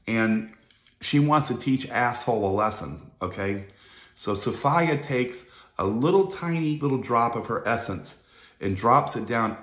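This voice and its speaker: A man's voice: mid-range voice, a bit bright, reverberant. A man giving a rambling, profane casual monologue as a video host.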